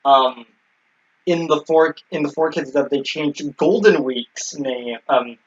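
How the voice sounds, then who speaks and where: A man's voice: on the high side, takes it slowly. Man recapping episodes on a lo-fi recording. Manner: explanatory, many ums and restarts. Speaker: podcast co-host. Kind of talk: casual recap chat. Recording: dull lo-fi recording.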